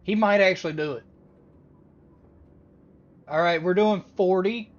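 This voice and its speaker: Female reaction host, animated and incredulous, low-ish voice, unhurried delivery, lo-fi sound. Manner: animated, incredulous, breaks into laughter. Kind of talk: casual reaction commentary.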